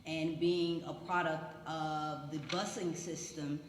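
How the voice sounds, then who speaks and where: A woman's voice: sits low, flat delivery, slow, slight background noise. Woman, scientist panelist, chatty and proud, echoey hall, faint ambience. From Atlanta, USA. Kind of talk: panel self-introduction. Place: church hall.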